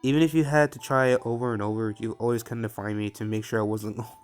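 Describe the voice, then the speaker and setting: A man reading the lines of a gentle female cosmic being in a story game, soft and earnest. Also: mid-range voice, steady tone, fast talker, faint music behind, lightly acted. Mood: tender.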